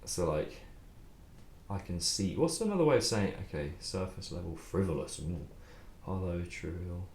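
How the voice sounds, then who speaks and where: Young guy with a low voice, rambly livestream chat about songwriting, swears a lot, echoey room. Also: expressive, normal speed, gravelly, darkish tone, slight background noise. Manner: rambling, loose, swears, laughs often. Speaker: songwriter streaming his writing process.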